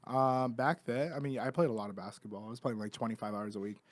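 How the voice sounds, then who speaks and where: A man's voice: mid-range voice, fairly even intonation, fast, dry recording. A young man as a podcast guest, talking candidly and joking in casual chat. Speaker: podcast guest, comedy studio owner.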